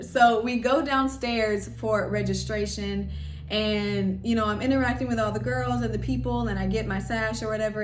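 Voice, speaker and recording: Young woman pageant vlogger, chatty storyteller, mic a little far off in an echoey room. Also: medium pitch. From Louisiana. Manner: chatty, animated, lots of "like" and "y'all". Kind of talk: casual storytelling vlog. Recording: roomy echo, voice a bit off-mic.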